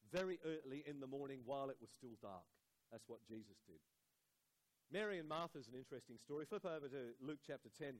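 A man preaching a sermon, dropping to a soft hush on key words and lifting his voice and slowing for emphasis. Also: medium pitch, poor audio. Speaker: pastor.

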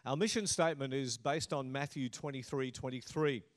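A man's voice: medium pitch, moderate pace. A middle-aged man pastor giving a sermon in a conversational, humorous preaching manner.

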